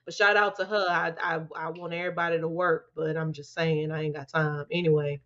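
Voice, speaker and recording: A woman co-hosting a casual chat, talking bluntly in with animated, slangy rants. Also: sits low, brisk. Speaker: podcast co-host. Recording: dull lo-fi sound.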